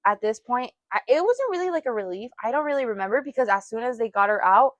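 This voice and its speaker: A woman's voice: on the high side, very animated, fast, no echo, highs cut off. A young woman co-hosting a casual podcast chat, telling a personal story with frequent laughter and quoted voices. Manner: chatty, laughs often, acts out quotes. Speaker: podcast co-host.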